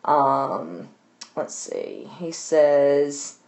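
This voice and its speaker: A woman's voice: low-pitched, huge pitch swings, very slow, gravelly, a little mellow. A woman teaching a literature class, summarizing a novel in a casual, chatty way with plenty of fillers. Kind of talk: recorded lesson summarizing a novel.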